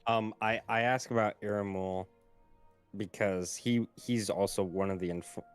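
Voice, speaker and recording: Young male player, low voice, halting questions, faint music behind. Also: steady tone. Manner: hesitant, full of ums. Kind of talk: casual chat.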